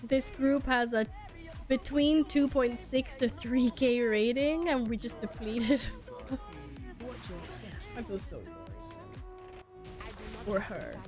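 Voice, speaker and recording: A young woman who is a native Swedish speaker, live-streaming a game into a headset mic, chatty and animated, swearing freely and laughing often. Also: a little high, takes it slowly, pauses often, soft background music. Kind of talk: casual live-stream chat.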